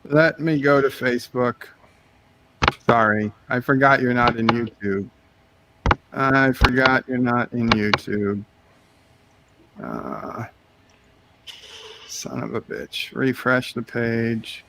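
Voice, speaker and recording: A man's voice: mid-range voice, slow pace, vocal fry, long pauses, noisy background. A man hosting a live game stream, chatting casually with friends in voice chat and reading viewer messages aloud.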